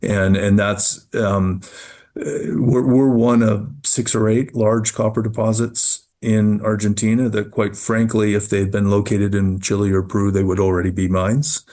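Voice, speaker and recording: A man, a mining company executive, answering interview questions in a measured way, often repeating words as he thinks. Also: fairly low pitch, level tone, warm tone.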